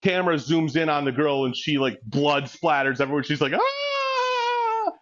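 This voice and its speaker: A man's voice: medium pitch, fairly even intonation, fairly quick, a bit bright. A man in his forties chatting casually during a gym workout, crude and joking, laughing often as he tells stories. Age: 40s. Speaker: fitness vlogger. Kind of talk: casual chat between sets. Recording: dull lo-fi recording.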